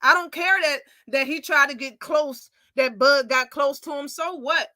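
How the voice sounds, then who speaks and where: A young adult woman hosting a casual live commentary show, opinionated and animated, acting out quoted lines as she tells them. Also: high-pitched, normal speed, no echo. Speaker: host.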